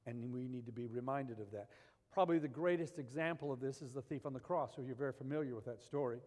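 A man preaching a sermon, animated, swinging between loud emphasis and quiet, intense passages. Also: medium pitch, fast talker, long reverb tail. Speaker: pastor.

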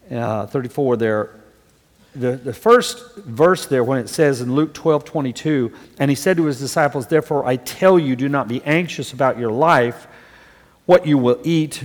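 A man's voice: mid-range voice, big-room sound. A man preaching a sermon in an earnest voice that rises to emphatic stresses on key points.

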